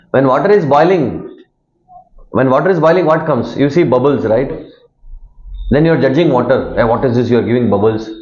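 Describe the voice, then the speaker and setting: A man's voice: mid-range voice, a little mellow. Indian guy giving a devotional talk, mid voice, echoey room, kinda muffled. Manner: acts out characters' lines, asks audience to repeat. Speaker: spiritual teacher. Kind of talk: devotional lecture with storytelling. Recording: dull echoey hall recording.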